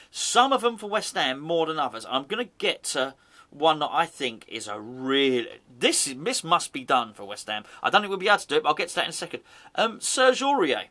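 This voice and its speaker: A man's voice: a little high, bright, forceful tone. A man hosting a fan channel, rambling and joking in casual football chat, often correcting himself mid-sentence. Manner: rambling, jokey, self-correcting.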